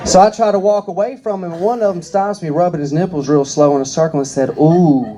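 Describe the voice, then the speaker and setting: A man's voice: sits high, fairly even intonation, fast talker, noisy background. Drawling young man doing stand-up. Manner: drawling storyteller, acts out quoted voices. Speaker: stand-up comedian. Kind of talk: stand-up comedy set.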